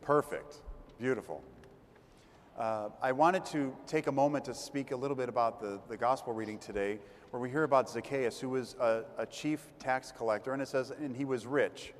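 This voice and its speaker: A man's voice: mid-range voice, moderate pace, slight background noise. A man giving a conversational sermon as a priest, retelling gospel stories and acting out the crowd's voices. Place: church. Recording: long church reverb.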